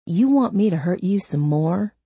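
A woman voicing a tough female police detective who stays calm and cutting while questioning a suspect. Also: lowish voice, moderate pace, breathy edge, dry recording. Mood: cool. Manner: calm and cutting, quietly menacing.

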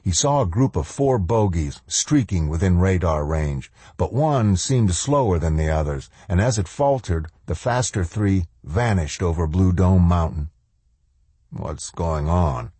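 A man narrating an audiobook in a measured, steady storytelling manner. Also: sits low, slightly rough, no room sound. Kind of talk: scripted narration.

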